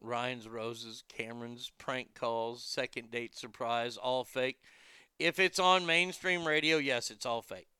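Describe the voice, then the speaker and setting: A man in his fifties hosting a show, chatting casually and bluntly, telling animated stories and acting out callers' voices. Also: mid-range voice, slow pace, clean tone, no room sound, studio quality. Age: 50s. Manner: blunt and profane. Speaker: show host. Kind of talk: casual chat reading viewer comments.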